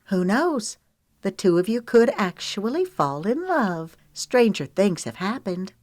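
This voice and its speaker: A woman voicing a hopeful young woman trying gently to persuade her brother and friend. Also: medium pitch, very animated, unhurried, no room sound, voice pushed up. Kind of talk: audiobook character reading.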